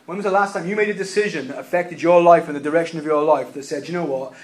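A man delivers a sermon with force, repeating key phrases and moving between loud and quiet passages. His voice sits fairly high, and he speaks quickly.

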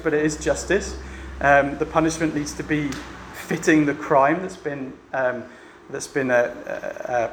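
A man's voice: fairly high pitch, slight background noise. A man preaching a sermon to a church meeting in a chatty way, often asking the room rhetorical questions. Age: adult with a family. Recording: echoey room with faint ambience.

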